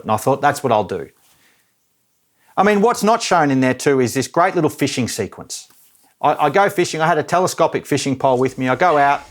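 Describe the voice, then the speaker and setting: A man in his thirties chatting casually and reflectively as a vlogger, rambling and self-mocking. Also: mid-range voice. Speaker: filmmaker and vlogger.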